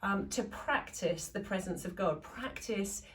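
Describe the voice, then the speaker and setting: A woman co-presenting a casual online church devotional, laughing easily and thinking aloud with pauses. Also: medium pitch, a bit bright. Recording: distant mic with faint background noise.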